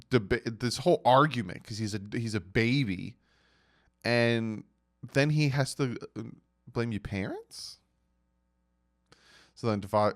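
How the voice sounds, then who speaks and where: Male sports vlogger, mid-pitched, very lively intonation, mocking casual commentary. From United States. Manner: animated, mocking, reads out quotes with emphasis.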